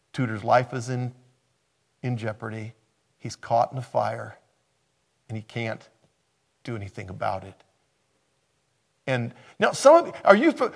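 A man's voice: mid-range voice, creaky. A man preaching a sermon as a pastor, emphatic and repeating key phrases for weight.

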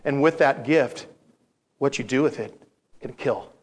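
A male pastor preaching a sermon in an animated storytelling manner, acting out voices and repeating phrases for emphasis. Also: medium pitch, measured pace, husky.

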